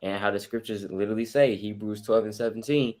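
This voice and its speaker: A man's voice: on the low side, fast talker, a little mellow. A man casually commenting on scripture in a lesson, slangy and quoting verses. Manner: loose, slangy, quotes verses. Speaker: lesson participant.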